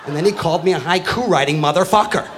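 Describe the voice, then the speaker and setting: A man's voice: fairly high pitch, fast, background noise. Ranting middle-aged male stand-up comic. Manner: loud, ranting, profane, acts out characters. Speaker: stand-up comedian. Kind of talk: stand-up comedy routine. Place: comedy stage before a live audience. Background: crowd laughing.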